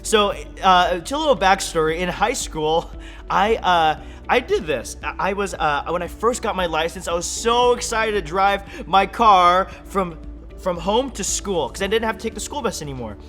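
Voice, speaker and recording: A young man with a fairly high voice gives a lively talk to kids. He jokes, laughs and acts out silly voices. Soft music plays faintly underneath. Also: normal speed. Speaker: kids ministry speaker. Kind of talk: energetic kids' sermon.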